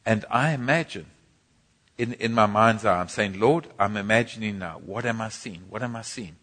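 A man's voice: on the low side, normal speed, a bit bright. A man teaching a sermon at a church healing school, telling stories with jokey asides. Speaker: preacher. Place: church hall. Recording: echoey church hall.

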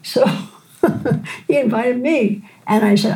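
Older woman, gentle storyteller, gravelly and mellow tone. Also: fairly high pitch, low-quality recording. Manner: gentle unhurried storyteller, frequent "right?". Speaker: physician and teacher. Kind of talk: storytelling in a conversation.

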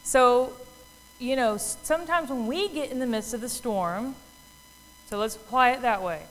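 A woman's voice: a little high, normal speed, a bit bright, in a large hall, faint music behind, poor audio. A woman giving a casual Bible talk, telling the story in a chatty way with many fillers and acting out the voices of the people in it. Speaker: Bible teacher.

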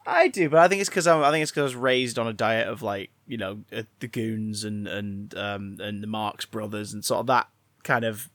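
A man co-hosting a podcast, chatting casually, swearing freely and getting loudly excited as he goes. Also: on the low side, normal speed, dry recording. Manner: animated, swears freely, breaks into exaggerated excited outbursts. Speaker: podcast co-host.

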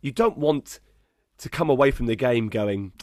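A man's voice: mid-range voice, animated, normal speed, no room sound, studio quality. A man making an earnest point in casual podcast talk. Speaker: podcast panelist. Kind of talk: casual chat.

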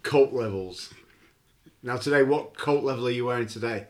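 A young man co-hosting a podcast, teasing his friends with quick, sweary banter. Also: mid-range voice. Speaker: podcast co-host. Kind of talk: casual chat.

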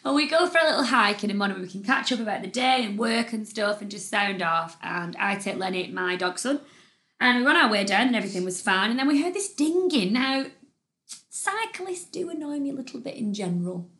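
A young woman chats on a casual business podcast. She tells stories animatedly, with a fairly high voice and a lot of lively emphasis. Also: fairly quick. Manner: chatty, animated storytelling with laughs. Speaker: podcast co-host. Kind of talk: casual chat.

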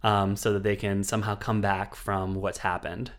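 A man's voice: lowish voice, little pitch movement, normal speed. A man co-hosting a podcast, casually retelling a film's plot with lots of ums and asides. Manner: rambling plot retelling with many fillers. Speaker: podcast co-host. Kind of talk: casual chat.

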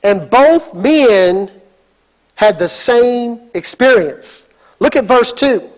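A man preaches with a strikingly high voice and an unhurried, drawn-out pace. He delivers the sermon dramatically as a pastor, building to sudden shouted exclamations. His words stretch out slowly between the bursts. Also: lively intonation.

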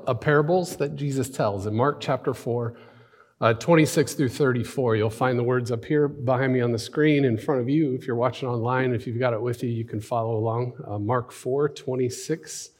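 A man's voice: mid-range voice, normal speed. Casual, chatty male pastor. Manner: relaxed, conversational, with many fillers and restarts. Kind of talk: informal sermon with scripture reading. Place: church sanctuary.

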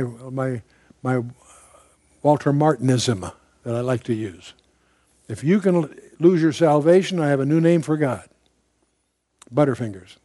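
A man's voice: a little high, a little mellow, dry recording, clean studio sound. An older man teaching the Bible verse by verse to a room, conversational and digressive, with emphatic asides. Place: room with a live audience.

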